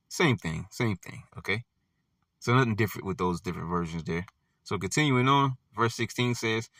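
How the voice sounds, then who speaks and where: A man's voice: on the low side, lively intonation, fairly quick, gravelly, a bit bright, dry recording, far from the mic. Man teaching scripture in a loose, slangy way. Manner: conversational, slangy, frequent "all right?" check-ins. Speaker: bible teacher. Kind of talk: informal bible study.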